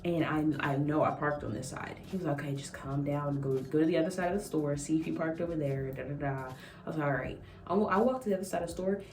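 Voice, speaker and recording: A woman's voice: sits low, fast, a little mellow. A young woman vlogger telling a casual story, acting out quotes and laughing often. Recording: echoey room, mic at a distance.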